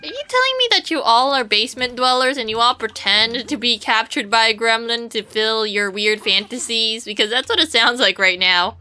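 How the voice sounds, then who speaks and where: A woman's voice: on the high side, moderate pace, hardly any pauses, pushed and bright, a little hiss or hum. A woman streamer giving casual gameplay commentary, rambling playfully to her viewers and swearing now and then.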